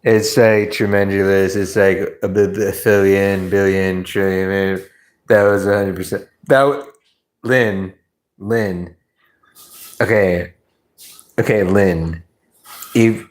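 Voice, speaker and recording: A man hosting a livestream, chatting with viewers in a rambling, stammering way and swearing freely. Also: fairly low pitch. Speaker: livestream host. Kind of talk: casual chat with stream viewers.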